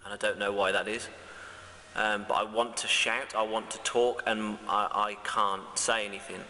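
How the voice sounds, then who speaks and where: A man speaking as a medium on a ghost hunt, halting and fervent, with many restarts. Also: fairly low pitch, level tone, pushed and bright, in a large hall, slight background noise, rough recording. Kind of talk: emotional first-person reflection.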